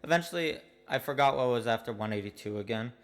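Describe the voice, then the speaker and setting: A man telling a comic personal story in a deadpan, mock-earnest way. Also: medium pitch, fast talker, big-room sound, faint music behind. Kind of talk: comedic personal monologue.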